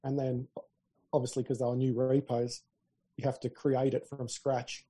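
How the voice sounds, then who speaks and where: A man's voice: mid-range voice, level tone, moderate pace, dark tone, breathy edge. A man co-hosting a podcast, chatty and easygoing, telling stories in casual conversation. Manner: chatty, laughing easily, storytelling. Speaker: podcast co-host. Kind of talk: casual tech chat.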